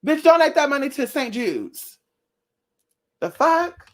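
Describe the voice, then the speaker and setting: A young woman vlogging in a casual chat with her viewers, blunt and profane, telling animated stories. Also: high voice, slow pace. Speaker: spiritual vlogger.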